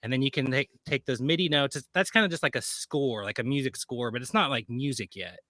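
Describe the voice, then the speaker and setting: Bright-voiced chatty man. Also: mid-range voice, a little fast, no room sound. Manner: rambling, many fillers and self-corrections. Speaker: guest. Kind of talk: casual chat.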